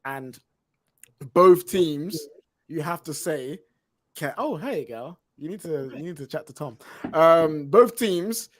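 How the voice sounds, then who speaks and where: Man, football pundit, high voice, slangy and animated, dry close sound. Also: takes it slowly, no echo. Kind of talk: casual chat.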